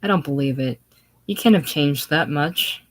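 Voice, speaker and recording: A woman playing a breezy, businesslike ship's officer back home, hearty and commanding. The voice stays low and carries loudly in a solo play reading. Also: normal speed, lightly acted. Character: brisk, breezy ship's officer, authoritative man.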